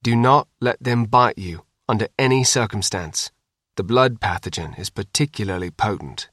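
Man playing a calm, guarded father. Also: on the low side, no room sound, studio quality. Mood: urgent. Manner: calm, measured, careful. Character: calm, guarded middle-aged father with a secret. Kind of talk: audiobook reading.

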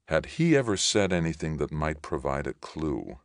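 A man giving a steady, measured audiobook reading of a science fiction novel. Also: rumbling low, no echo, clean studio sound. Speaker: audiobook reader. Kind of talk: scripted narration.

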